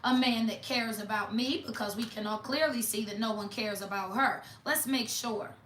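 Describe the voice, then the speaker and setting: A woman gives viewers a casual tarot reading, sounding blunt, mocking and sassy. Her pitch is fairly high and her tone fairly bright at a normal speed, in an echoey room with slight background noise.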